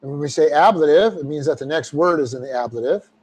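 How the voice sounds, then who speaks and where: A man's voice: on the high side, fast, a little mellow, husky. A man teaching a verse-by-verse Bible class, explaining Greek grammar step by step with folksy asides. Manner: folksy asides, repeats phrases for emphasis.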